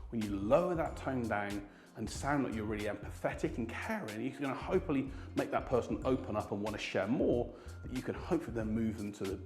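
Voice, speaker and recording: A man's voice: mid-range voice, a little mellow. A man teaching sales, acting out sample lines to show different tones of voice. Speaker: sales trainer. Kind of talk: instructional talk to camera. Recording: roomy sound with faint music.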